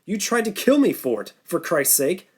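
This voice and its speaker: A man's voice: sits high, big pitch swings, normal speed, a little mellow, husky, pitched above the performer's own voice, heavily acted. A man voicing an angry, indignant young male survivor in a storybook. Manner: indignant, agitated.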